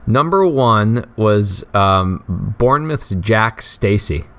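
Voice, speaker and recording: A man's voice: lowish voice, lively intonation, slow pace, a bit bright. A man co-hosting a podcast, chatting casually and jokingly with lots of fillers and restarts. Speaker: podcast co-host. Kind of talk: casual chat about fantasy football.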